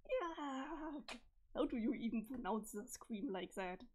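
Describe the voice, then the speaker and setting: High-voiced woman streamer reading aloud. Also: expressive, a little mellow, a little hiss or hum. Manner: swears casually, quick reactions. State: voice strained from allergies. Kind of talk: casual read-aloud with commentary.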